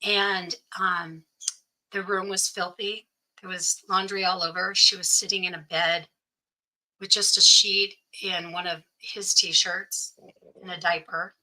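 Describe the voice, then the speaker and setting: A woman's voice: lowish voice, flat delivery, a little slow, bright, forceful tone, low-quality recording. A middle-aged woman earnestly recounting a personal story as an interview guest, with many "you know" fillers. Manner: earnest, frequent "you know" fillers, quotes others in dialogue. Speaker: guest sharing her story.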